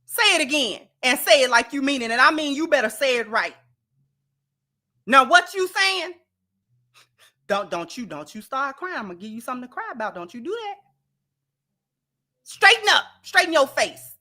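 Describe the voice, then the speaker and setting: A woman putting on the voice of a strict mother, scolding her child in stern, rapid-fire commands. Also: high-pitched, lively intonation, sharp tone.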